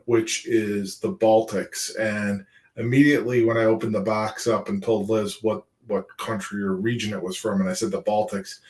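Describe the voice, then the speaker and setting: Slow-talking man hosting a casual chat. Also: lowish voice. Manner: rambling with many fillers. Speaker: co-host. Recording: echoey room sound.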